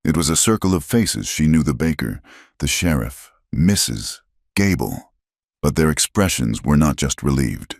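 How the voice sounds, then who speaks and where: A man narrating a western romance story in a measured, dramatic storytelling style. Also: extremely low pitch, gravelly, a little mellow, dry recording, clean studio sound. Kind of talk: scripted narration.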